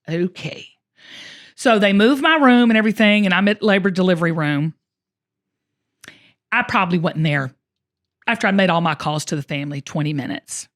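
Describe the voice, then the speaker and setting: A woman host telling a personal story in casual conversation, emotional and expressive, often speaking straight to her listeners. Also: lowish voice, moderate pace, long pauses. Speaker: show host.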